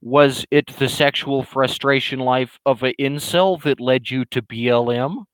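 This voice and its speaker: A man voicing a belligerent, loudmouthed male internet troll in a higher, louder, slow and drawn-out ranting voice. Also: fairly even intonation, clean tone, no room sound, natural voice, low-quality recording. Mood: mocking rant. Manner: ranting, insulting, drawn-out emphatic delivery.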